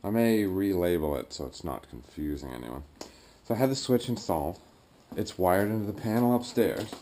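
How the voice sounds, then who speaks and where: A man talking casually as he works on his home boiler, thinking aloud with fillers and throat clearing. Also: low voice, animated, normal speed, warm tone, a little hiss or hum. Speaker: DIY builder vlogging his project. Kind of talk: casual talk-through while working. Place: garage boiler room, indoors. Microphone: action camera.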